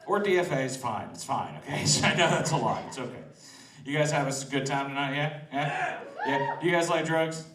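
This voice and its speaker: A man's voice: fairly high pitch, animated, a little fast, echoey room, distant mic, heavy background noise. A man doing a loose, laughing stand-up set outdoors, teasing the crowd. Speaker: stand-up comedian. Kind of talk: open-mic stand-up set. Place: outdoors in front of a restaurant.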